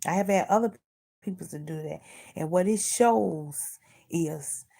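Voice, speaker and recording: A woman's voice: lowish voice, a little slow, vocal fry, mellow. A middle-aged woman vlogger in casual chat, earnestly preaching life advice and repeating herself.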